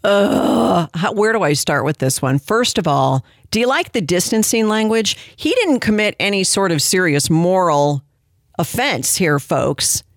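A woman's voice: lowish voice, lively intonation, a little slow, no room sound, clean studio sound. Sarcastic, indignant woman commentator. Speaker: commentary show host. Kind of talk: critical commentary on played clips.

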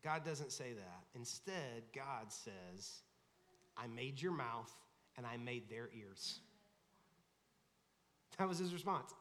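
A man's voice: mid-range voice, lively intonation, slow, pauses often, fairly bright tone, big-room sound. A pastor giving a conversational sermon, acting out the people he quotes. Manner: conversational preaching, acts out quoted voices. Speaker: lead pastor. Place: church sanctuary.

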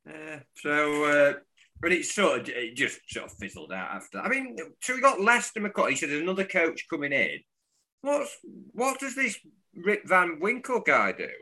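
A man talking football on a podcast with a very bright, forceful tone. His pitch swings widely as he jokes, laughs and swears through the chat. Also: normal speed. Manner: animated, laughing, sweary banter. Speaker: podcast co-host.

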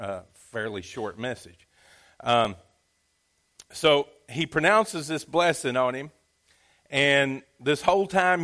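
A man's voice: fairly high pitch, sharp tone. A man preaching a sermon in a folksy, conversational storytelling manner. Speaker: pastor.

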